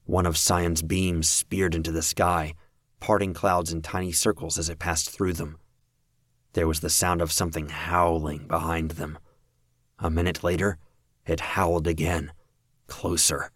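A man narrating a fan audiobook in a steady, measured reading. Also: deep voice, dry recording, clean studio sound.

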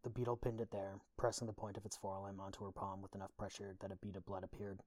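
A man narrating a dark audiobook in a steady, even storytelling voice. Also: deep voice, quick pace, dry recording. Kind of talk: scripted narration.

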